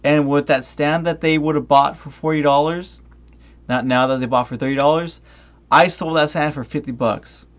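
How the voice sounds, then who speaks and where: A man's voice: fairly high pitch, steady tone, normal speed. A tipsy young man ranting on a stream, swearing heavily, restarting often and drifting off on tangents.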